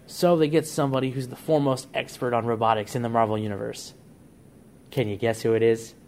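A man's voice: level tone, fairly quick, darkish tone, slight background noise. A man hosting a casual podcast, eagerly laying out story ideas step by step. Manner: enthusiastic storyteller, pitching plot ideas. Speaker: podcast host.

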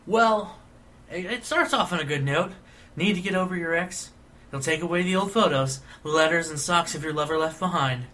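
Bright, playful male co-host. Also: a little high. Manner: eager, playful, quick quips. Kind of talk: casual comedy chat and reading news aloud.

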